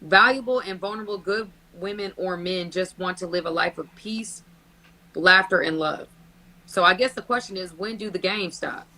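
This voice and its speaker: Woman therapist co-host, bright tone, lively, chatty, asks the questions. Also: lowish voice, moderate pace, poor audio. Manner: lively, chatty, laughs often. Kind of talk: casual podcast chat.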